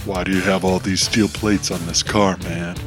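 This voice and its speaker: A man's voice: low voice, flat delivery, normal speed, over music, lightly acted. A man voicing a tense, skeptical young sidekick who talks bluntly.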